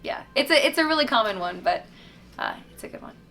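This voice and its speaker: A woman's voice: a little high, wildly swooping pitch, fast, vocal fry, over music. A woman from Tennessee, a singer, reading out fan questions and answering them in a chatty, upbeat way with lots of "um" and "like". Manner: chatty and upbeat, many fillers like "um" and "like". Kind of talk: casual fan Q&A.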